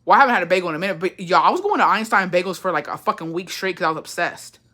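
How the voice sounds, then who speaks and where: Bright-voiced, profane woman chatting with viewers. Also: on the low side, animated, rapid-fire. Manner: blunt, profane, playful, calls viewers bestie. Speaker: livestream host reading viewer comments. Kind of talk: casual chat.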